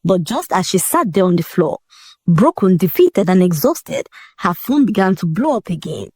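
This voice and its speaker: Breathy woman narrating folk tales. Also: fairly low pitch, moderate pace, dry recording, clean studio sound. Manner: vivid, expressive storytelling with colorful comparisons. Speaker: storyteller. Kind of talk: dramatic folk-tale narration.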